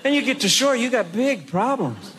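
A male comedian with a high voice, doing stand-up before a live crowd. He tells his stories with big swings in pitch. The recording has a steady layer of noise under it. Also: normal speed. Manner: animated storytelling, mimics others with shouted high voices. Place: stage before a live audience.

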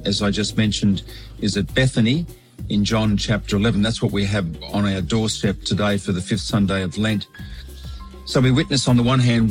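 A man, a bishop, giving a measured, explanatory weekly sermon reflection. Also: lowish voice, rough recording.

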